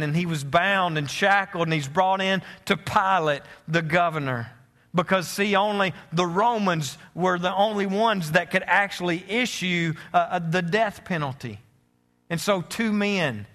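A man preaching with a high, bright voice and earnest conviction. He often stumbles and restarts mid-phrase. For the gravest points he drops lower and quieter. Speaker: pastor. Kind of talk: sermon.

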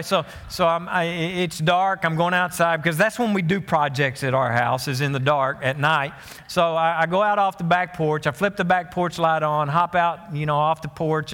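A pastor preaching to his church in a folksy, storytelling way. He often restarts his sentences and turns to the congregation with asides. His man's voice sits a little high and carries a long church reverb. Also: a bit bright. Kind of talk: sermon. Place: church sanctuary.

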